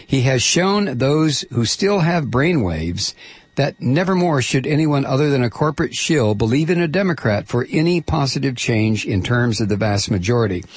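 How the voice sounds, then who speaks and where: A man hosting a call-in radio show, hesitant with fillers when chatting and steady and pointed when reading an essay aloud. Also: medium pitch, normal speed, slightly rough, dry recording. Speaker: radio talk show host.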